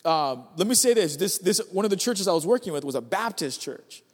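A man preaching as a guest speaker at a church service, talking in an energetic, conversational way and repeating phrases for emphasis. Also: high voice, fairly quick, in a large hall. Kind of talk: sermon.

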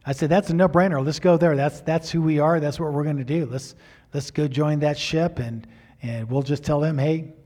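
A middle-aged male pastor telling a personal story in a sermon, animated, acting out the quotes with big swings in loudness. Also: a little high, normal speed.

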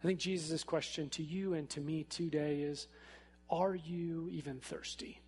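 A man preaching a sermon in a church, speaking in a casual, animated way with frequent fillers. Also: a little high, unhurried, husky, faint music behind. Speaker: pastor. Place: church sanctuary. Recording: echoey hall.

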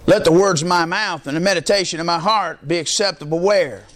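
A man's voice: high-pitched, fairly quick, a bit bright. A middle-aged man preaching as a pastor, emphatic and prompting the congregation with call-and-response questions. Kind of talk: sermon.

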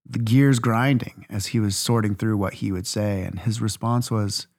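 A man speaks in an earnest, reflective way. His voice sits a little low. He builds his stories in rhythmic lists. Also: fairly even intonation, moderate pace, vocal fry, darkish tone. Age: 40s. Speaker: podcast co-host. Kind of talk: reflective faith conversation.

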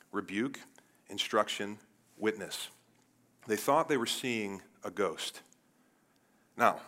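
Pastor from Cleveland, bright voice, chatty sermon that jumps from loud to hushed. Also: male voice, fairly low pitch. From Cleveland, United States. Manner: conversational and animated, swinging between loud bursts and quiet asides.

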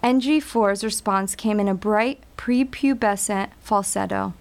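Woman narrating a story, measured and wry. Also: mid-range voice, creaky.

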